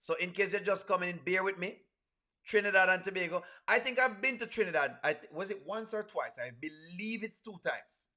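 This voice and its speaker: Guy on a live stream reading out his chat, high bright voice, calls everyone friends. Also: fairly quick. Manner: reads viewer comments aloud, shouting out cities; chatty, addresses viewers as friends.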